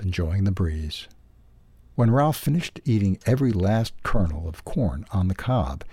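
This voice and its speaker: A man reading a children's animal story aloud for a newsletter's audio edition, in a calm, even way. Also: lowish voice, gravelly, husky, dry recording. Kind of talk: storybook narration.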